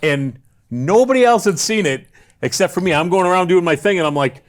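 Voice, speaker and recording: A man's voice: sits high, animated, brisk. A man, a former wrestler, telling rambling stories with crude jokes as a guest on a casual podcast. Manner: rambling storyteller, crude joking, restarts often.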